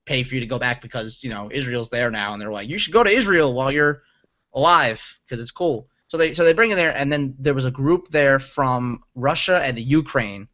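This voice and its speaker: A man's voice: mid-range voice, expressive, fairly quick, bright, forceful tone, dull audio. A man co-hosting a podcast in casual chat, telling a rambling story full of restarts. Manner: rambling, self-interrupting storyteller. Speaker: podcast co-host.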